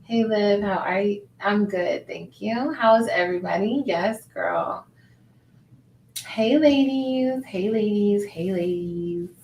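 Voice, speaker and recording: A woman hosts a relaxed livestream from her home, greeting viewers and reading their comments in an unhurried way. Her voice bounces around an echoey room, with a faint hiss of background noise underneath. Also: mid-range voice. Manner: chatty, greets viewers, reads comments aloud. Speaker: livestream host. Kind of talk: casual livestream chat.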